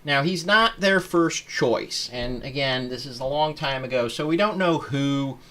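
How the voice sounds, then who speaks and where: Guy hosting a podcast livestream, mid-pitched, talks in loose rambling bits with lots of uhs. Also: bright, forceful tone. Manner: halting, rambling, with many fillers. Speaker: podcast host. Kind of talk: casual live-stream talk.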